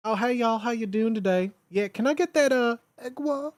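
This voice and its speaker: A man voicing a flustered, polite grown man with a Southern American accent, stumbling over a fast-food order. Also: extremely high pitch, no room sound, voice pushed up. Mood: sheepish. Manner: hesitant, stumbling over menu words.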